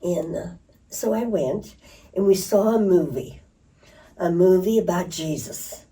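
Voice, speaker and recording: A woman's voice: fairly low pitch, a little slow. An older woman telling stories in an interview, laughing and acting out voices. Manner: lively storyteller who laughs and acts out voices. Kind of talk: reminiscing storytelling. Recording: distant mic.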